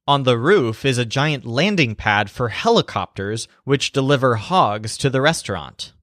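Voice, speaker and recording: A man narrating a scripted language lesson as teacher, slowing down to spell out example phrases. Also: mid-range voice, a bit bright, no room sound, studio quality.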